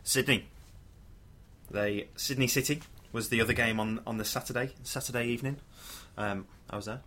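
A man's voice: mid-range voice, fairly even intonation, moderate pace, pushed and bright, slight background noise. A man hosting a casual radio football chat, who keeps his turns brief and steers the talk.

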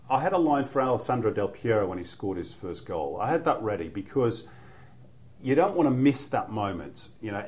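A man's voice: fairly low pitch, darkish tone. A middle-aged man with a Mancunian accent, a football commentator chatting as a guest, rambling through anecdotes with lots of "you know" and restarts. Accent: Mancunian English. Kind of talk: relaxed podcast chat.

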